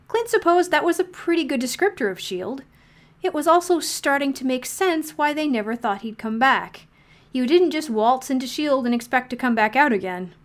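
A woman narrating a fan-fiction story aloud in a steady, wry storytelling manner. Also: high-pitched, moderate pace. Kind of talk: audiobook fan-fiction reading.

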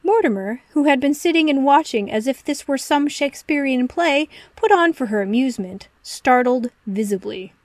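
A woman narrating a story in a steady, expressive reading. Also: sits high, normal speed, hardly any pauses, dry recording. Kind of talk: audiobook reading of fan fiction.

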